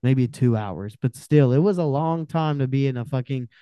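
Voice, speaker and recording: A man tells a story as a guest on a podcast, animated and swearing freely as he acts out what people said. His voice is mellow and smooth. The sound is dry and close. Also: medium pitch, moderate pace, no room sound. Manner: animated, profane, acts out quotes. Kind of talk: casual storytelling.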